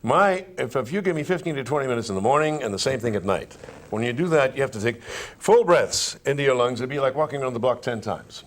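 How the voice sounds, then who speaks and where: A man guest in a conversational interview, with a voice at middle pitch. He talks animatedly, telling stories and coaching the listener through breathing and voice exercises. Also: quick pace. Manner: animated storyteller who demonstrates vocal exercises aloud. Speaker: interview guest, stage performer.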